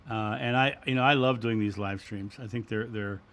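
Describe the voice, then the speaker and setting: A middle-aged man hosting a spiritual livestream, talking in a gentle, reflective way as he answers viewers. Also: fairly low pitch, steady tone, normal speed. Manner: gentle, reflective, repeats words and restarts. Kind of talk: casual spiritual talk.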